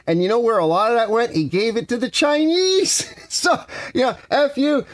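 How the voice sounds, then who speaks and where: A man's voice: high voice, a bit bright, dry recording, studio quality. A man in his sixties ranting casually and sarcastically on a live stream from his home garage workshop. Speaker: garage channel host.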